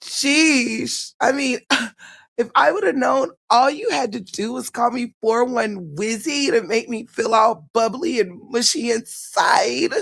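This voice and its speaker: A woman streamer chats with her viewers in an unhurried drawl. Her voice carries a noticeable gravelly fry, and she talks in a gushing, theatrical, giggly way, playing up a mock-dramatic diary recital. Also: on the high side, a bit bright. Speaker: live streamer. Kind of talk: casual live-stream chat.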